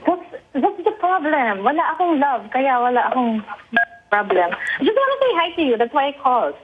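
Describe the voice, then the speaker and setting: A woman in her thirties calling in to a podcast, an excited and giggly fan. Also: sits high, fairly quick. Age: 30s. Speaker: caller. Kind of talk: phone call to a podcast. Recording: tinny phone line with noise.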